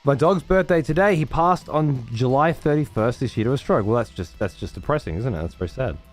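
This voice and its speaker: Animated and fairly quick, this man has a mid-range voice, with soft music in the background. He hosts a livestream from his room at home and keeps up casual, sarcastic, swear-filled banter with viewers.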